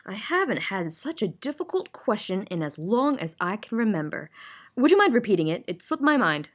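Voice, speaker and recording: A woman's voice: medium pitch, very animated, moderate pace. A woman reading aloud voices a proud, forgetful, fussy ordinary man who swings between exclaiming and musing.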